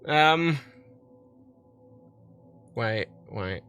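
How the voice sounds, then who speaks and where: A man's voice: mid-range voice, sing-song, slow, vocal fry, long pauses, pushed and bright, clean tone. A young man hosting a casual livestream from his home office, rambling and swearing as he talks. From Britain. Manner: sweary, rambling, restarts often. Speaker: livestream host.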